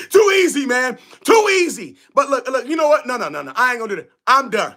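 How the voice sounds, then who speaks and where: Male streamer, loud taunting trash talker, bright forceful voice, repeats his points. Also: extremely high pitch, big pitch swings, normal speed. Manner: loud, taunting, often shouting, repeats himself. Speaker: livestreamer. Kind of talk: live-stream fan trash talk.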